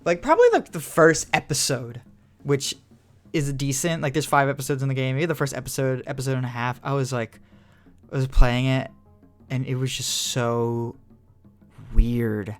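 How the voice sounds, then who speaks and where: A man's voice: medium pitch, normal speed, soft background music. A young man co-hosting a podcast, rambling in casual chat with lots of "like" fillers and casual swearing. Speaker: podcast co-host.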